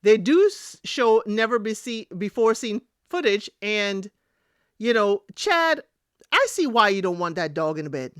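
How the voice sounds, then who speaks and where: A woman's voice: mid-range voice, measured pace, clear, resonant tone, no echo, clean studio sound. A woman, casually recapping a reality show for her listeners and talking straight to them. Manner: animated, chatty, addresses listeners as y'all. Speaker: recap podcast host.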